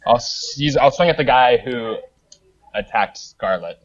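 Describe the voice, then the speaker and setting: A man's voice: medium pitch, unhurried, lo-fi sound. A man playing a tabletop game, talking casually and joking. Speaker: player.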